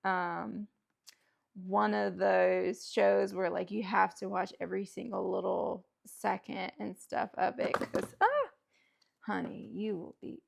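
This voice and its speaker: Slow, gravelly-voiced woman chatting. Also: medium pitch, noisy background. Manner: chatty, rambling, lots of fillers and self-talk; laughs often. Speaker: host. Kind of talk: casual chat while building a toy kit. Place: at home.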